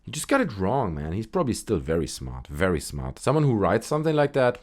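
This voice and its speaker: Amused man with a lively voice. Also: on the low side, brisk. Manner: amused, chatty, laughs often. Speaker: channel host reading posts. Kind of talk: casual comedic commentary.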